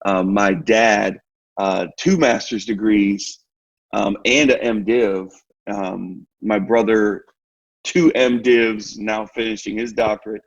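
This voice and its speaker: A man speaks as a guest on a podcast, his voice low and husky. He sounds relaxed and jokey, filling his speech with ums. The audio is muffled, as though it comes over a remote call. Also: slow. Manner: jokey and relaxed, fillers and uneven pace. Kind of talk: podcast interview.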